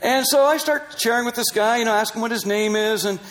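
A man with a strikingly high voice tells a personal story in an animated way. He laughs often and acts out the dialogue as he goes. He is a middle-aged or older Christian missionary. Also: fairly quick, poor audio.

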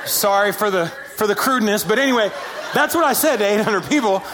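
A man preaching a sermon, telling stories with animated, self-deprecating humor. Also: high-pitched, fairly quick, a faint crowd. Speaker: pastor.

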